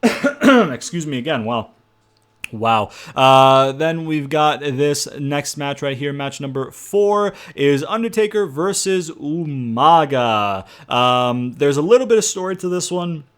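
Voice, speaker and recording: A man's voice: on the high side, expressive, takes it slowly. A young man casually narrating storylines for his game-mode series, rambling with lots of fillers and the odd curse. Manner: rambling, filler-heavy, profane. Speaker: video game channel host.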